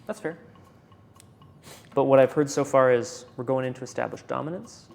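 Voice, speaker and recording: A man's voice: medium pitch, normal speed, vocal fry, a little mellow, faint music behind. A man narrating a tabletop game as game master, loose and often laughing.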